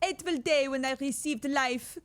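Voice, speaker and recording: A woman's voice: sits high, normal speed, pitched above the performer's own voice, close to an everyday voice. A woman voicing an anguished male monster made by a scientist, in a put-on French accent, bitter and dramatic.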